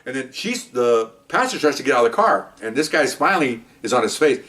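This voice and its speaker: Speaking in a mid-range voice, this sixty-something former cop rattles off an animated, casual story, mimicking voices and sounds and leaning on "okay" and "you know." The mic is set back, so his voice sounds a bit distant.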